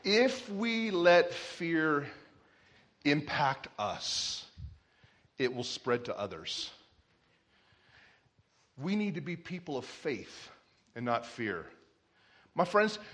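Bright high-voiced male pastor. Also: measured pace, long pauses. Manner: animated storytelling, shouting in character voices. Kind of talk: sermon.

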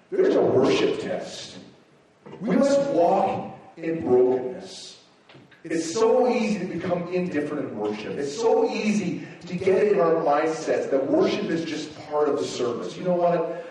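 A man preaching a sermon as a pastor, telling personal stories with emphatic, animated rises. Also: high voice, normal speed. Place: church sanctuary. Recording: echoey hall from far off.

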